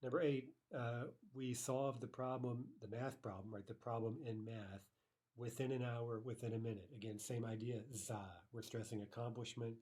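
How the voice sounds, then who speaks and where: A man teaching a recorded language lesson, explaining grammar step by step, checking in with "right?" and repeating example phrases slowly and carefully. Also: medium pitch, level tone, a little mellow. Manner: explanatory, frequent "right?" checks, slow careful Russian repetitions.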